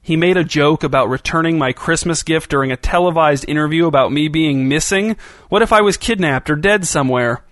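A woman's voice: deep voice, fairly quick, no room sound, studio quality, natural voice. A male narrator voicing a restless, adventurous woman on the run who talks bluntly and impatiently in a storybook reading. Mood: agitated.

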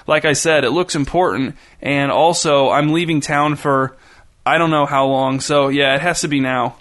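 A man voicing Alex, a jittery young man turned amateur hostage-taker, insistent and prone to shouting, in a storybook reading. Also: fairly high pitch, steady tone, moderate pace, lightly acted.

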